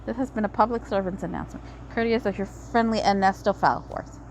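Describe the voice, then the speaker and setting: A woman's voice: medium pitch, brisk, slight background noise, lightly acted, low-quality recording. Smug, mock-polite male villain announcer, read by a woman. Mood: gloating. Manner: mock-courteous taunting announcer. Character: smug scheming male con-artist ringmaster. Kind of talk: reading game dialogue aloud.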